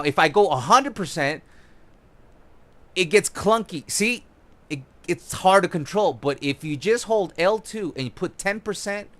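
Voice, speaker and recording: A young man giving casual, excited tutorial commentary on his own gameplay, swearing now and then as he demonstrates moves. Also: high-pitched. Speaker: gaming YouTuber.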